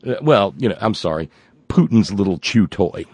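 A man's voice: lowish voice, big pitch swings, moderate pace, slightly rough, no echo. A man hosting a political talk show, ranting sarcastically with many stumbling restarts.

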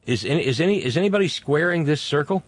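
A man hosting a political commentary monologue, indignant, stretching key words slowly for emphasis. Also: a little high, lively intonation, no room sound. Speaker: host.

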